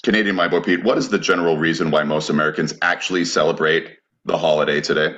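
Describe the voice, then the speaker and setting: A man's voice: rumbling low, steady tone, fast, fairly bright tone. A man co-hosting a podcast, running a quiz segment with wry, emcee-style patter. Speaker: podcast co-host. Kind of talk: casual comedic chat.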